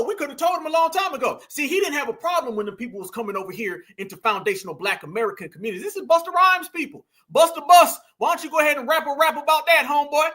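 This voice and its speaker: A man's voice: high voice, bright, forceful tone. A man hosting an online commentary stream, talking to viewers in an emphatic, slangy, casual way.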